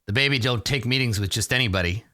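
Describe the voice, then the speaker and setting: A man's voice: medium pitch, fast, dry recording, clean studio sound, natural voice. A man voicing a bored, dismissive halfling doorman guarding an office. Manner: flat, dismissive.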